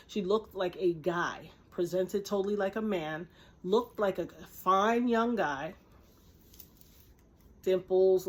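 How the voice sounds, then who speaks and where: A woman vlogger telling a personal story straight to camera, earnest and emphatic. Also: on the low side. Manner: earnest and emphatic, acts out quoted voices. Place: indoors, speaking to camera.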